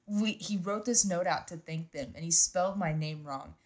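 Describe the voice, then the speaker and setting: A young woman co-hosting a podcast, telling stories in animated, casual chat and swearing freely. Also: on the low side, moderate pace. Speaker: podcast co-host.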